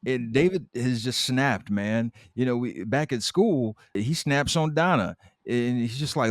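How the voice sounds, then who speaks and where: A man co-hosting a casual recap podcast, calmly retelling scenes and quoting the characters. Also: mid-range voice, measured pace, hardly any pauses, no echo, clean studio sound. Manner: relaxed storyteller, quotes characters. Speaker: podcast co-host.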